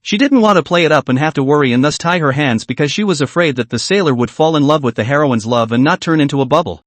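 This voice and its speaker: A man's voice: fairly high pitch, lively intonation, quick pace, hardly any pauses, no room sound. Male narrator for a comic recap, bouncy delivery, dry close mic.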